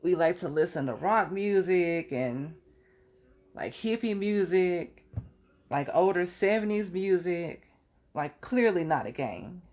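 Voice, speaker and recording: A woman's voice: lowish voice, expressive, slow pace, a little mellow. A young adult woman telling stories from her college years in a casual, chatty way, now and then laughing at her own story. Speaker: vlogger.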